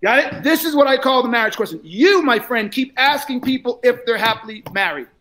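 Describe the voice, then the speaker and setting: A man's voice: expressive, fairly quick. A man coaching a salesperson in a live role-play, blunt and profane, lecturing and often raising his voice. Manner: often shouts, then drops low.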